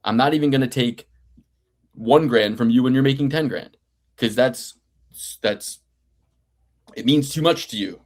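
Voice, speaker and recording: A man's voice: mid-range voice, unhurried, long pauses, a little mellow. A man in his thirties hosting a betting picks show, talking in a rambling, profane, playfully grandiose way. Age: 30s. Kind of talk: casual podcast banter.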